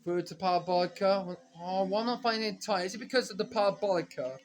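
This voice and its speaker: A man giving rambling, self-correcting commentary while playing a racing game, now and then breaking into frustrated shouts. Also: high-pitched, fast talker. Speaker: gaming commentator. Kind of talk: casual let's-play commentary.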